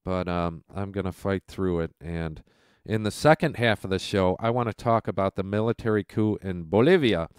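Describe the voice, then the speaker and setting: A man hosting a radio show, ranting with heat and sarcasm about those he blames. His voice is stuffy and congested from a cold, yet stays smooth and resonant. The sound is dry and close, recorded at home. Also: low-pitched, moderate pace, no echo. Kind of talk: political commentary rant.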